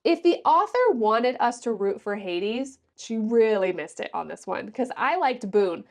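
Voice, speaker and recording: A woman's voice: medium pitch, measured pace. A woman reviewing a book on her vlog, recapping the plot in a sassy, exasperated way and acting out the characters' lines. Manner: animated, acts out characters' lines.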